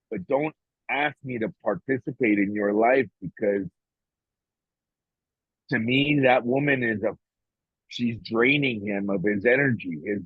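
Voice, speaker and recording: A man's voice: mid-range voice, slightly rough, no room sound. A man talking casually on a podcast, blunt and profane, often emotional and restarting his sentences. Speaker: podcast co-host. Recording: dry, tinny phone-like sound.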